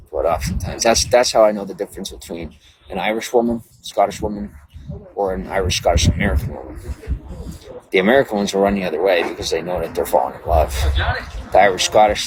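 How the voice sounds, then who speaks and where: A man's voice: low-pitched, fairly quick, long pauses, a crowd in the background, low-quality recording. A man hosting a casual livestream, rambling chattily and greeting viewers by name. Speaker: livestream host. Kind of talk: casual live-stream chat.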